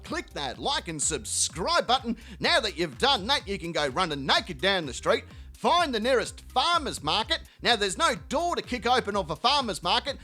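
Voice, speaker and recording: A man with a very high, bright voice delivers a profane, mocking comedy rant. His pitch swings widely as he jumps between tangents. Faint music plays underneath. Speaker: channel host.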